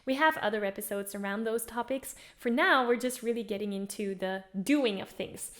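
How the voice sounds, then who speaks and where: Woman vocal coach leading singing warm-ups. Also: fairly high pitch, moderate pace. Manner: encouraging, demonstrates exercises by singing along. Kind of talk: guided vocal warm-up lesson. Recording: faint piano music under voice. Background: piano accompaniment.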